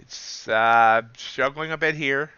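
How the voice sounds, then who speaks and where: A futures trader hosting a live stream chats casually and self-deprecatingly while calling out prices as they move. His mid-range voice is slow, pushed, and bright, with a clean tone in a dry recording whose highs are cut off.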